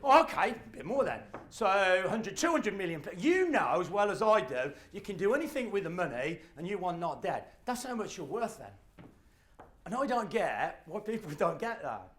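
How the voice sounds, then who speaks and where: A middle-aged man, giving a live motivational talk and telling stories with acted-out voices and shouts. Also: high-pitched, big pitch swings, normal speed, slight background noise. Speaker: motivational speaker.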